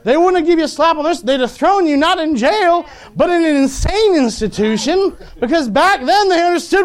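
A man's voice: very high voice, lively intonation, normal speed, hardly any pauses. A man preaching a sermon as pastor, repeatedly asking the congregation for an amen, with chuckling asides.

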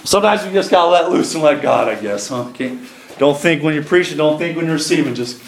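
Preacher guy, fairly high voice, reads verses then pushes the point hard, roomy echo. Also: expressive, a little fast, creaky, a little hiss or hum. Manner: reads scripture aloud and drives points home with rising emphasis. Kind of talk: sermon.

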